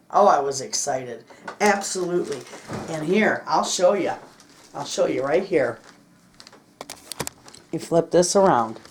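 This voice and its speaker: A middle-aged woman vlogging about her homestead, telling a story to the camera in an excitable, chatty way. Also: fairly low pitch, slight background noise. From Michigan, United States. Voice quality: chatty, excitable, repeats "I said" often. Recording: echoey room.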